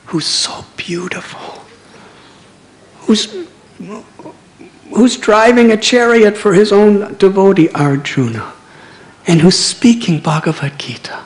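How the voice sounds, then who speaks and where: A man in his sixties voicing a humble, illiterate, devout man, soft and earnest. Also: high voice, lively intonation, slow, long pauses, a little hiss or hum, voice pushed up. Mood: tender. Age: 60s.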